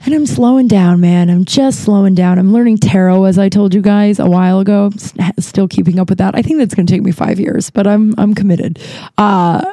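Rambling woman with a dark, dry voice. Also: medium pitch, fairly even intonation, fairly quick, dry recording. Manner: rambling, candid, lots of fillers and restarts. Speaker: podcast host. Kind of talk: casual solo podcast chat.

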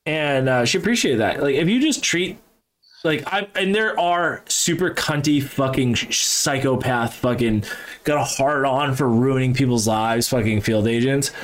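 A man from New Hampshire in loose, unscripted conversation. He swears constantly and rambles from story to story, his voice at an ordinary mid pitch. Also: normal speed. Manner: profane, rambling, animated storytelling. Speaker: podcast guest, gun business owner. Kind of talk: casual chat.

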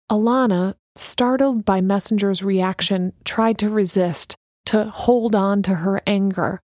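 A woman narrating a story in a measured, even storytelling manner. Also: medium pitch, dry recording, clean studio sound. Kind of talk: audiobook narration.

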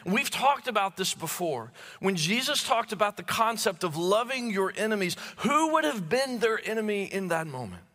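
A male pastor preaching a sermon. He stammers and repeats words as he builds emphasis, then drops to low hushed tones on key phrases. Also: sing-song, moderate pace, few pauses. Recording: long hall reverb.

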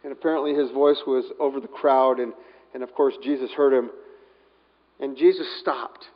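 A man preaching a sermon as pastor, animated and swinging from loud to hushed. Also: mid-range voice, moderate pace. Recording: dull sound, long hall reverb.

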